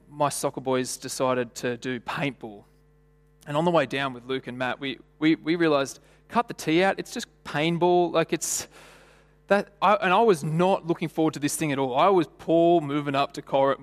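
Preaching in a church, a man tells stories in a chatty style and throws rhetorical questions out to the congregation. His voice runs slightly high for a man, he speaks at normal speed, and a long reverb trails after every phrase.

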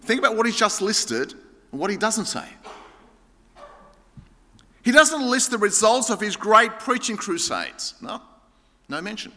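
A man's voice: high-pitched, very animated, measured pace, pauses often, pushed and bright. A Greek-born man preaching a sermon as a pastor, telling stories with playful banter before turning earnest. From Greece. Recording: hall reverb.

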